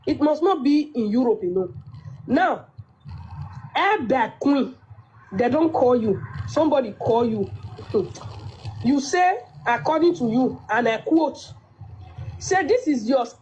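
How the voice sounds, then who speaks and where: A woman's voice: sits high, expressive, takes it slowly, pauses often, a little mellow, a little hiss or hum. A woman with a Nigerian Pidgin English accent giving a firm, lecturing complaint in a played clip. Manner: firm, lecturing, quoting others. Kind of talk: complaining monologue. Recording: dull lo-fi clip.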